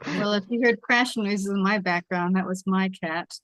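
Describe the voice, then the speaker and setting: A woman's voice: medium pitch, normal speed, a bit bright, no echo, low-quality recording. Dry-sounding woman organizing a call. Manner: organizing, reassuring, talkative. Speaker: table read organizer. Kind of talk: casual video call chat. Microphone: video call.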